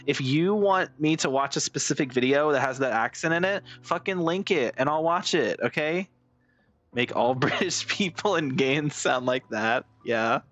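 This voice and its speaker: A man streaming a game live, chatting casually and excitably with his viewers and swearing freely. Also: on the high side, normal speed. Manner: profane, excitable, talks to chat.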